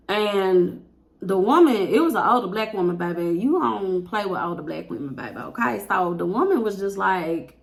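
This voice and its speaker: Exasperated woman telling a story, slight gravel. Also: medium pitch, moderate pace. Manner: animated storytelling, acting out quotes with exasperated outbursts. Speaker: teacher. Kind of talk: casual storytime vlog.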